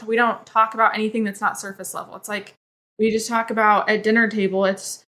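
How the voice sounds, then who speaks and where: Bright, chatty woman guest. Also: medium pitch. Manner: candid, open, filler-heavy talk. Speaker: podcast guest. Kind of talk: casual chat.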